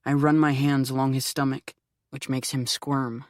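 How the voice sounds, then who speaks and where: A man's voice: medium pitch, little pitch movement, moderate pace, no room sound, studio quality. Earnest man reading a first-person audiobook. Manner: earnest, rising into anxious rambling. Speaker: audiobook narrator.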